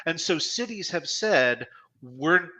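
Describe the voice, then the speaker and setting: A man's voice: a little high, normal speed, sharp tone. A man co-hosting a live-stream panel, explaining legal points emphatically with some swearing. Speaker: podcast co-host.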